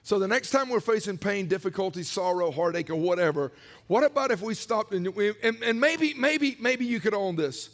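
A man preaching a sermon as pastor, animated, acting out prayers and quotes in other voices. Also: sits high, normal speed, long reverb tail.

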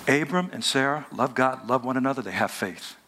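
A man preaching a lively, joking sermon in casual everyday speech and talking back and forth with a live audience. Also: medium pitch, brisk. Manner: animated, joking, colloquial, talks with the audience. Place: hotel event room before a live audience.

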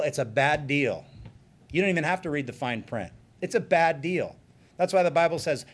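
A male pastor giving an earnest sermon, slowing down to stress key points. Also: mid-range voice, expressive. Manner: earnest, emphatic preaching with slowed stresses.

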